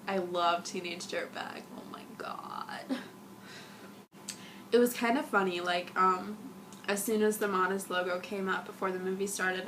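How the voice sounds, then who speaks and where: A young woman vlogger rambles through a casual fan review, gushing and giggling. Her mid-range voice sounds a little sick and husky, and there's background noise.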